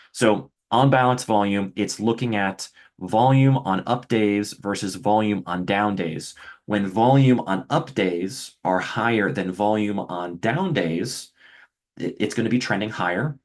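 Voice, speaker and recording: A middle-aged man explaining a trading indicator in a conversational webinar style, often asking rhetorical questions. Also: lowish voice. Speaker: trading educator.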